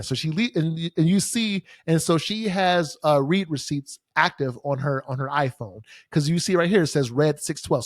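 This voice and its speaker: Young man, somewhat high voice, casual swearing, dry close sound. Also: no room sound. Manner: casual, profane, exasperated ranting with many fillers. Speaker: podcast host. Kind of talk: solo podcast storytelling. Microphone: studio microphone facing camera.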